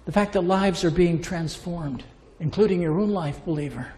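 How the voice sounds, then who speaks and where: A man with a high, mellow voice preaches a sermon in a hall with a long reverb. He swings from emphatic, impassioned peaks down to low, hushed lines. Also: normal speed.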